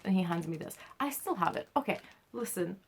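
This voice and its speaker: A woman's voice: lowish voice, lively intonation, fairly quick, vocal fry, a little hiss or hum. A young woman telling a story to her camera in a casual, chatty way, peppering her talk with "like" and swearing and acting out her own reactions. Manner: chatty, heavy use of "like" and swearing. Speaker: vlogger.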